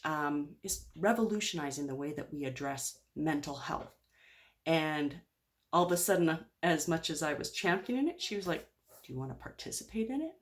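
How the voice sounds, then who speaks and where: A woman's voice: sits low, a bit bright. A woman speaking candidly in a personal video diary, open and rambling with lots of fillers. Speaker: vlogger.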